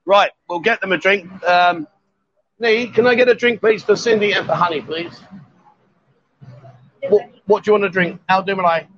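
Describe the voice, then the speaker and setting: A man's voice: sits high, normal speed, pauses often. A man hosting a live stream from a bar, chatting in a jovial, teasing way. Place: bar, indoors. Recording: dull lo-fi stream audio.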